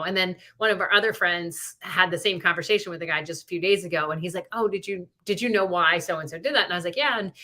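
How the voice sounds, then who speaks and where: Her voice sits fairly low with a sharp edge. This middle-aged podcast co-host chats casually, wandering through her stories and leaning heavily on "like" and "you know."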